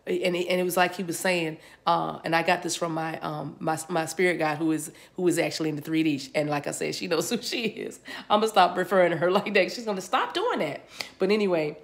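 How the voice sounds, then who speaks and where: Gravelly-voiced woman giving a spiritual reading. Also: on the low side, a little fast. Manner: rambling, repeats words as she receives them. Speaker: spiritual reader. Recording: spiritual reading recorded for a video.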